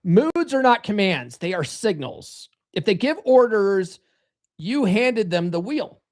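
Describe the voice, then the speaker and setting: A man's voice: high-pitched, big pitch swings, slow. Guy on a live stream lecturing about self-help, blunt and swears a lot. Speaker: podcast host.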